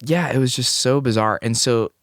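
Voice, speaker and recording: A man's voice: medium pitch, moderate pace, dry recording, studio quality. A young man from Des Moines, a singer-songwriter guest on a podcast, telling a rambling anecdote with quoted dialogue. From Des Moines, Iowa. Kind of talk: casual storytelling interview.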